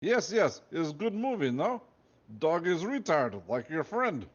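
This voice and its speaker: A man voicing a fat, sweaty, jolly Russian guard who speaks loud, broken English in a thick Russian accent. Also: fairly high pitch, very animated, unhurried, lo-fi sound, voice pushed up. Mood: boisterous.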